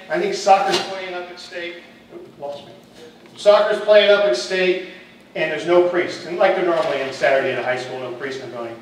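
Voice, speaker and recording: A man's voice: high voice, slight background noise. A middle-aged man, a football coach and teacher, telling his personal testimony in a candid, humorous storytelling way. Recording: echoey hall, distant mic.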